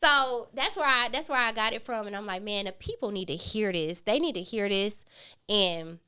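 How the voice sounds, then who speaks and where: A woman's voice: medium pitch, normal speed, sharp tone, clean tone. A woman in her thirties, a podcast guest talking candidly and animatedly in a casual conversation.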